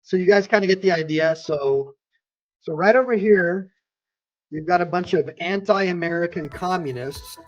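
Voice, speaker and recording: Brief: male attorney-host, slightly high voice, heated ranting livestream commentary. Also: moderate pace, highs cut off. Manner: ranting, heated rhetorical questions. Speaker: attorney and online show host.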